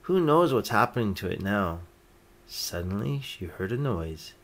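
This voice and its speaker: A man reading a children's picture book aloud, gently lifting his voice for each character's lines. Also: lowish voice, big pitch swings, a little slow, slight background noise. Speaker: storyteller.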